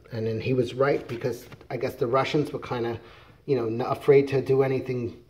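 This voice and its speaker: A man's voice: mid-range voice, level tone, brisk, darkish tone. Rambling middle-aged man retelling a comic. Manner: rambling, many fillers and restarts. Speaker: comics reviewer. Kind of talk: casual rambling comic summary.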